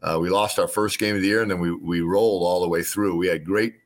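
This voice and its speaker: A man's voice: low voice, fairly even intonation. A man in his sixties from Illinois, a former quarterback telling folksy stories as a guest in an interview, with frequent restarts. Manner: folksy, unhurried storyteller with repeated restarts. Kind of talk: storytelling interview.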